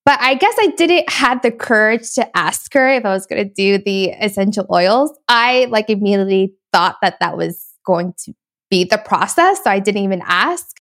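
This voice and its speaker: A woman's voice: mid-range voice, expressive, normal speed, a bit bright. A young woman, chatting casually and telling a story with many fillers. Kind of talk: casual chat.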